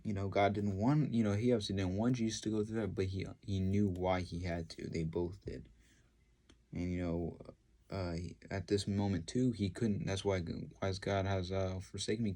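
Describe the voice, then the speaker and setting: A man casually retelling a Bible story with his own commentary, halting and heartfelt, full of "you know" and "uh". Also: fairly low pitch, creaky, mellow. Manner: heartfelt, devotional.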